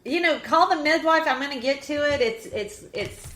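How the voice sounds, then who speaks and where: A woman's voice: high-pitched, moderate pace, a bit bright. A woman co-hosting a casual podcast chat, talking in a loose, conversational way with frequent restarts. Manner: conversational, with false starts. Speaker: podcast co-host. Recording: roomy echo.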